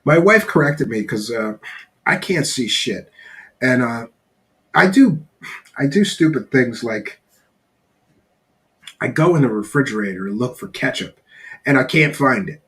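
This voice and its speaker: A man's voice: medium pitch, lively intonation, a little slow, pauses often, a bit bright. Blunt, rambling middle-aged male host. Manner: blunt, swears casually, rambling asides. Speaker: podcast host reading live chat. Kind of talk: casual live-stream chat.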